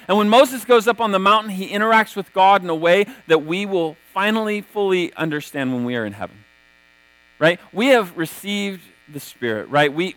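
A man with a fairly high voice delivers a sermon in a relaxed, talky manner, dropping "right?" after many of his points. He retells scripture stories with a storyteller's energy. The sound is dry and close, with little room around it. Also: no room sound, rough recording. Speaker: pastor.

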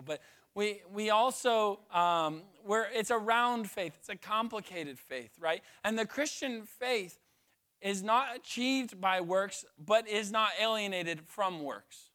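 High-voiced preacher, chatty and joking. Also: male voice, pushed and bright. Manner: conversational, tagging "right?", joking asides. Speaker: pastor. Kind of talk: sermon.

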